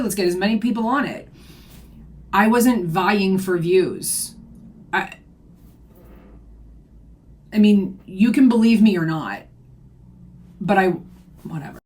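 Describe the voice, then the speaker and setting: Young woman venting on a reaction vlog, indignant, lots of who-gave-you-that questions. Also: medium pitch. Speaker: YouTube commentator.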